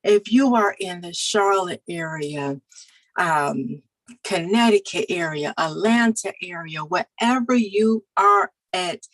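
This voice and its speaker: A woman's voice: fairly low pitch, expressive, slow pace, a bit bright, poor audio. A woman hosting a live video stream, exuberant and upbeat, repeating her words as she hypes up the show. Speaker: host. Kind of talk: livestream hype talk.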